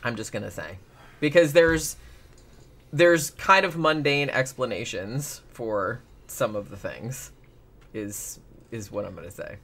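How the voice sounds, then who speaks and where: A man's voice: mid-range voice, expressive, measured pace, vocal fry, a bit bright. A man hosting a casual true-crime podcast, rambling with lots of "like" and restarts. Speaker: podcast host.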